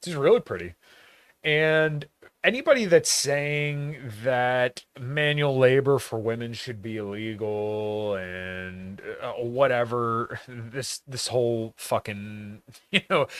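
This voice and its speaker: A man's voice: medium pitch, unhurried, a bit bright, smooth, no echo. A man from rural Pennsylvania hosting a podcast in a blunt, profane, casual monologue, laughing often. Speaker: podcast host.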